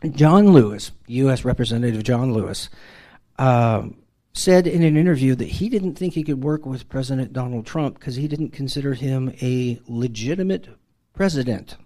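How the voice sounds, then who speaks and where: A man's voice: mid-range voice, lively intonation, moderate pace, mellow. A middle-aged man tells a self-deprecating personal story in a casual, conversational way. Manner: wry, self-deprecating, conversational with frequent restarts. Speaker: father telling a personal story.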